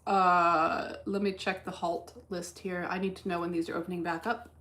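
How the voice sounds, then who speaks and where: A woman's voice: lowish voice, level tone, moderate pace, fairly bright tone. Blunt, profane woman streamer. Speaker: livestream host reading chat while day trading. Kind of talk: casual livestream chat.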